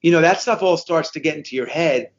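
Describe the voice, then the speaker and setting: A man's voice: fairly high pitch, fairly quick, muffled recording. A man in his fifties, a podcast guest, telling stories with energy and repeating phrases for emphasis. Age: 50s. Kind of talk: conversational podcast interview.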